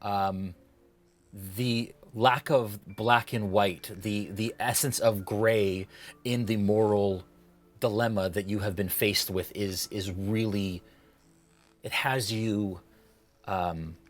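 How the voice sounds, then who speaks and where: A man narrating as dungeon master, setting the scene in a measured, descriptive way. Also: fairly low pitch, steady tone, soft background music. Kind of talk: narrating a tabletop game.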